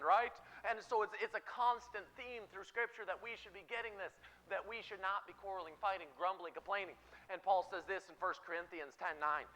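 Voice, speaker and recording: Bright-voiced, animated man preaching. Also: high-pitched, big-room sound, poor audio. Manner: casual, animated preaching with frequent "right?". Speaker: pastor. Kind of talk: sermon.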